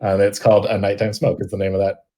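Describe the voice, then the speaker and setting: A man with a low, mellow, dark voice talks loosely as game master once the session is over. He rambles in a relaxed way and drops plenty of filler words. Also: fast talker. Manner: relaxed, chatty, many fillers. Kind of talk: casual post-game chat.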